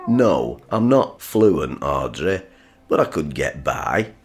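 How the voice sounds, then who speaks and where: A man's voice: very deep voice, very animated, takes it slowly, crowd noise, exaggerated voice. An actor playing a grumpy, crude working-class father, sarcastic and swearing freely. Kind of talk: broadcast drama acting.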